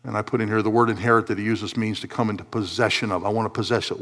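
A man preaching a sermon in a church, swinging between low, quiet asides and loud, emphatic high peaks. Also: expressive, fast, hardly any pauses. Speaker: pastor.

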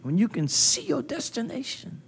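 High-voiced preacher, call-and-response fervor. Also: male voice, huge pitch swings, normal speed, creaky, husky, faint music behind. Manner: call-and-response preaching, rising to loud emphatic peaks; folksy, with colloquial phrasing. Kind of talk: sermon. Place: conference hall. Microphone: handheld mic.

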